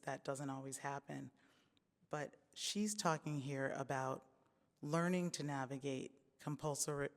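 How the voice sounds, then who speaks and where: A man delivers a lecture in a level, unvarying tone, his voice gravelly with fry. He speaks hesitantly and often restarts his sentences. His words carry a long reverb from the hall. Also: on the high side. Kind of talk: academic lecture.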